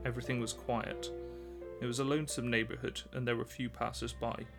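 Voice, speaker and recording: Male narrator, mid-pitched, measured storybook reading. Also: level tone, over music.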